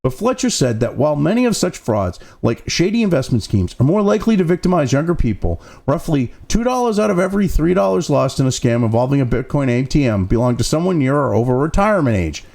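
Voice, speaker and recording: A man's voice: a little high, big pitch swings, fast, vocal fry, few pauses, darkish tone. A man hosting a commentary show, reading news excerpts and breaking off into profane, sarcastic, exasperated rants with mocking asides. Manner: mocking asides between read-out passages.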